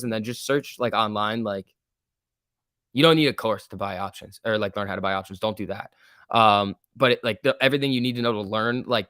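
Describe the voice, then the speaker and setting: A man's voice: medium pitch, bright, forceful tone, clear, resonant tone. A man hosts a live stock trading stream, commenting casually on price moves and reading viewer questions aloud. His talk is loose and full of fillers like "like" and "um". The sound is dry, with no room echo. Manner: loose and chatty, with many fillers like "like" and "um"; reads viewer questions aloud and answers them. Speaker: stock trading livestream host. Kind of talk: casual live market commentary, answering chat.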